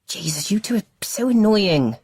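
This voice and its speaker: A woman's voice: low-pitched, animated, moderate pace, darkish tone, dry recording. A woman voicing a grumpy teenage boy who mutters dryly at his little sisters in an audiobook. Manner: muttering, dry. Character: grumpy teenage boy, reluctant big brother.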